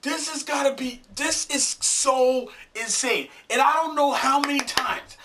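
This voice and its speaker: A man's voice: very high-pitched, normal speed, few pauses, bright, forceful tone, a little hiss or hum. A man ranting angrily about his football team, swearing often, repeating himself and tripping over his words. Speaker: sports fan vlogger. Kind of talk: angry football rant.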